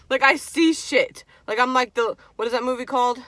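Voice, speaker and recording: A young woman vlogger telling a spooky story in casual chat, animated and swearing freely. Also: on the high side, a little fast, hardly any pauses, no echo. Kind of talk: casual storytime while eating.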